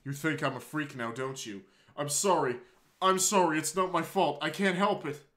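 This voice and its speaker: A man voicing a shy, anguished teenage girl in a tearful, halting confession while reading a visual novel aloud. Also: medium pitch, sharp tone, natural voice.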